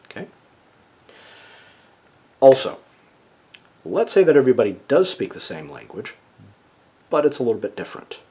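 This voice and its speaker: A man's voice: mid-range voice, very animated, normal speed, long pauses, warm tone. A man giving a casual explanatory monologue as a video essayist, lecturing and checking in with the listener with a frequent "okay?". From United States.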